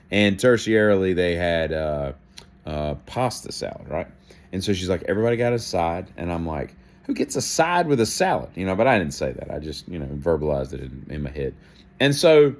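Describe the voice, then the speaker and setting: Animated man telling a rambling story. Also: fairly low pitch. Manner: animated, self-deprecating, acts out gestures and inner thoughts. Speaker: daily show host.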